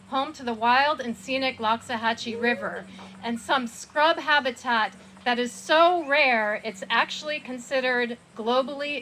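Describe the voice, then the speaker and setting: A woman from South Florida who heads an environmental group gives a lively, rousing speech to a crowd at an outdoor rally. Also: fairly high pitch, slight background noise, rough recording. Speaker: executive director of an environmental group.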